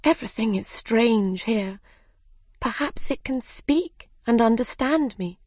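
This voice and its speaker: A woman putting on Alice, high and eager. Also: takes it slowly, no echo, clean studio sound. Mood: musing. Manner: high, excitable and apologetic. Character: curious polite little girl Alice.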